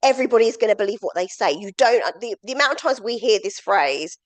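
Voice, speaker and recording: A woman's voice: mid-range voice, animated, quick pace. A woman leading a domestic abuse awareness training session, explaining steadily with frequent ums. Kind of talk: training talk.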